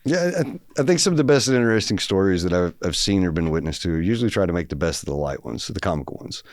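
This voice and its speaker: A man's voice: low-pitched, expressive, quick pace, a little mellow, no room sound, studio quality. A man telling a long story in a casual, rambling, matter-of-fact way as a podcast guest. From Texas.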